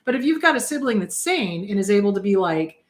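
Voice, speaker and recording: A woman therapist hosts a relaxed advice show and talks to viewers in a chatty, direct way. She often repeats words for emphasis. Her voice is mid-pitched and sounds a little worn out. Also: a little fast. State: slightly worn-out voice. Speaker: therapist host answering viewer questions. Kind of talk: casual live advice talk.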